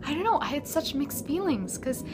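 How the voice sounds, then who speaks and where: A woman talking casually to camera as a book vlogger, animated and gushing, mocking the characters in quick asides. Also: sits high, background noise.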